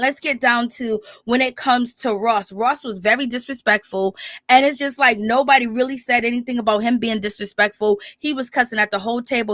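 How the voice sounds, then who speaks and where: A woman gives chatty, opinionated commentary on a reality show and rambles from one point to the next. Her voice is bright and forceful, and she laughs easily. The sound is dry and close, with little room echo. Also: a little high. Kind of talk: casual commentary.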